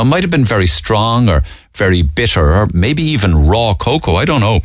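Deep lively Cork radio host. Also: male voice, no room sound, clean studio sound. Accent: Cork Irish. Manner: chatty, musing, reads out newspaper items. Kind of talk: morning radio chat. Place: radio studio.

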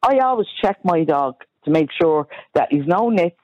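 A woman speaking as a radio panelist, animated and insistent as she defends her view. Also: fairly low pitch, moderate pace, no room sound, muffled recording. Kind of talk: talk radio discussion.

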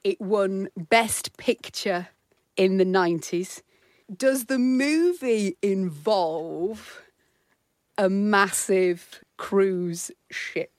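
A woman presenter on breakfast radio playing a guessing game, excitable and giggly. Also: mid-range voice, drawn-out words, no echo, clean studio sound.

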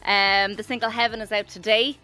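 An Irish woman hosting a radio interview, playful and enthusiastic, quick with affirmations. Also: medium pitch, little pitch movement, bright, forceful tone. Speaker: radio host.

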